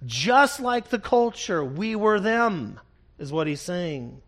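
Male pastor, high-pitched, unhurried, earnest expository sermon delivery. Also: sing-song, fairly bright tone. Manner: earnest, emphatic preaching with repeated phrases; reads scripture slowly and deliberately.

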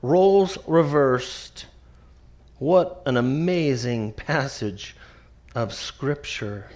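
A man preaching an expository sermon, emphatic and repetitive, slowing down to stress the scripture he quotes. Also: mid-range voice, a little mellow. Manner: emphatic, repeats key phrases, slows to stress scripture.

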